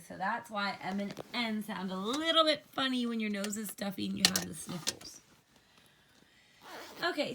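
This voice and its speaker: A woman teacher giving a slow, clear phonics lesson to young children, modeling each letter sound and inviting them to try it with her. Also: mid-range voice, fairly bright tone, a little hiss or hum.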